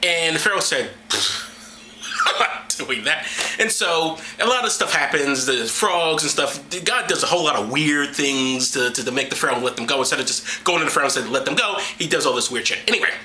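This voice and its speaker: Mocking male vlogger, high and very bright voice, crude sarcasm, echoey room. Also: fast talker, hardly any pauses, slight background noise. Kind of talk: sarcastic commentary, reading aloud.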